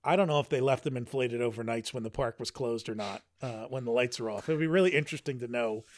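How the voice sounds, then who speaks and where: A man co-hosts a podcast in loose, casual conversation, rambling and restarting his sentences often. His mid-range voice moves quickly, and the clean studio recording has no room sound.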